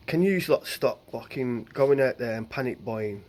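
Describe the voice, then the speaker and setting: A man's voice: medium pitch, expressive, normal speed, a little mellow. Brief: man, home phone rant, angry and coarse, mid-range voice. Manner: angry, swearing, blunt. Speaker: husband venting on camera.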